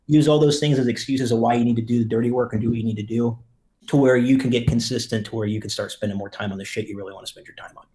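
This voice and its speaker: A man's voice: mid-range voice, steady tone, very fast, mellow. A man, a real estate team leader, talking bluntly and profanely as a podcast guest about hard work. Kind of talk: casual podcast chat.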